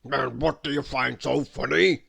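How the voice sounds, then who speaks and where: A man voicing a cross, grumbling male customer in a storybook, speaking loudly and gruffly. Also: mid-range voice, fairly even intonation, unhurried, dry recording, heavily acted.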